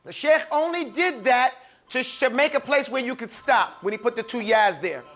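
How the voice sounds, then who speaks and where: A man's voice: very high-pitched, animated, normal speed, a bit bright, soft background music. A man teaching a class Arabic letter pronunciation, saying each sound and correcting the students firmly. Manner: firm, corrective, demonstrates each sound and asks for repeats. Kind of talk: call-and-repeat pronunciation drill.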